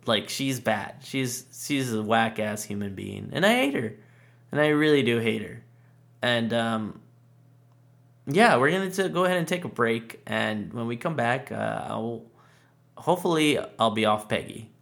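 A man's voice: mid-range voice, animated, a little slow, creaky, a bit bright. A man hosting a podcast, ranting casually with exasperated sarcasm and heavy swearing. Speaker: podcast host. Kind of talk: casual profane rant.

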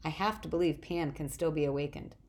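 A woman's voice: sits low, a little fast, darkish tone, natural voice. Woman reading as a sad young satyr. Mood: earnest. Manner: pleading, wistful, indignant at humans. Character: earnest young male satyr, gentle and troubled.

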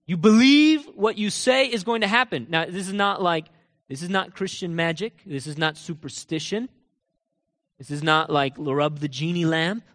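A man with a notably high voice preaches a sermon, firing off rhetorical questions and pressing each point hard. Now and then he sinks to a low, quiet aside. His voice rings through the long echo of a large church hall.

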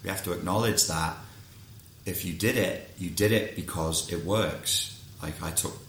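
A man's voice: deep voice, measured pace, fairly bright tone, echoey room, slight background noise. A man who coaches clients, talking frankly in a casual monologue and swearing freely.

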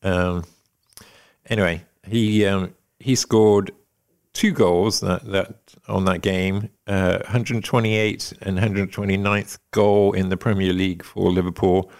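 A man's voice: deep voice, fairly even intonation, slow pace, a little mellow, smooth. A man co-hosting a podcast, chatting casually with rambling asides and lots of fillers. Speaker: podcast co-host. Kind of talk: casual chat.

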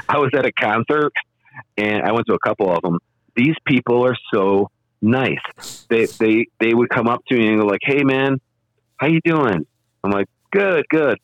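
A man's voice: on the low side, moderate pace, no echo. A man in casual chat, telling rambling anecdotes and acting out what other people said. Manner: rambling anecdotes with lively acted-out quotes. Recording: dull lo-fi audio.

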